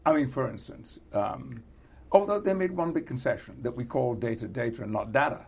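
Gravelly older British man, halting. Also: mid-range voice. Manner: halting, chuckles often. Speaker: actor guest. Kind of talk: casual interview chat.

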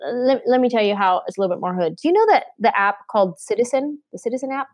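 A woman in casual conversation about faith, telling stories with lively acted-out quotes. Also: fairly high pitch, fast talker, dry recording, clean studio sound. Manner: animated storyteller, acts out quotes. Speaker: podcast guest.

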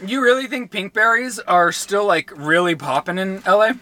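A playful young man co-hosting a podcast in casual chat, with a quick, campy delivery. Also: high voice, pushed and bright. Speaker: podcast co-host.

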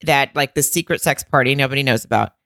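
Low-voiced woman, animated recap chat. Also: no echo. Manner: animated, laughing, quick asides. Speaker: podcast co-host.

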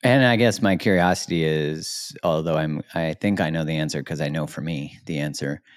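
A man's voice: a bass voice, moderate pace. A man in his forties hosting a podcast, asking questions in an easygoing way and laughing along. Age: 40s. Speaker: podcast host. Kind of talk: casual interview chat.

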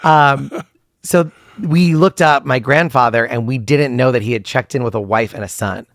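A man's voice: medium pitch, dry recording, clean studio sound. A man guesting on a podcast, telling family stories casually with wry asides. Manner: wry, animated storytelling with quick asides and laughs. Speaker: comedian guest. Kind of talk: casual storytelling interview.

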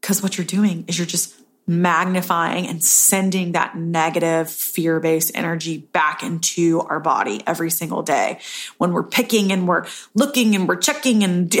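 A woman's voice: fairly even intonation, moderate pace. A woman hosting a casual solo podcast, talking earnestly about self-love and often tagging her points with "right?". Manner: earnest, self-help tone, frequent "right?" tag questions; acts out inner voices in a higher pitch. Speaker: podcast host.

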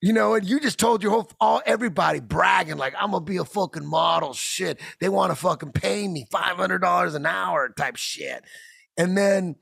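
Brief: gravelly male podcast host, profane and animated storyteller, dry close sound. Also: high-pitched, normal speed, no room sound. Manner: profane, animated storyteller who acts out the voices of others. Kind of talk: casual comedic storytelling.

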